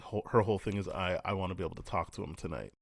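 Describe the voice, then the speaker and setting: A man's voice: low-pitched, rapid-fire, vocal fry, husky. A man co-hosting a podcast, chatting casually and bluntly, swearing freely and acting out characters' lines. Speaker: podcast co-host. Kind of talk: casual spoiler review chat.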